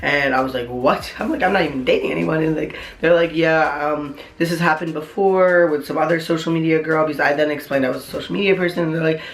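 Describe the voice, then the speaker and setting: A young man vlogger telling a story in a casual, rambling way, full of "like" and excited asides. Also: a little high, fast, hardly any pauses, echoey room. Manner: rambling, heavy on "like", excitable retelling.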